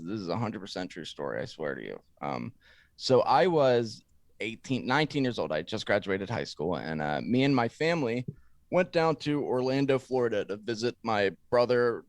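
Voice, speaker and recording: A young podcast co-host tells a long, embarrassing story, rambling casually and swearing freely in an animated way. His voice is lowish and fairly quick, and the recording has no echo.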